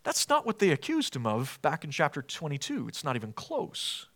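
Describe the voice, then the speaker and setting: Bright, high-voiced earnest male preacher. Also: wildly swooping pitch, normal speed. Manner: earnest, emphatic, asks rhetorical questions. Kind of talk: expository sermon.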